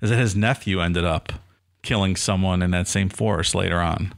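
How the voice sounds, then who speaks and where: A man's voice: deep voice, fairly even intonation, moderate pace, vocal fry. A man co-hosting a podcast, teasing sarcastically in casual banter. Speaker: podcast co-host.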